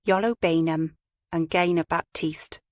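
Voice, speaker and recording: A woman's voice: on the low side, steady tone, unhurried, no echo, clean studio sound, natural voice. A woman voicing an earnest, slightly anxious young woman witness with a slight Australian twang, hesitating as she talks.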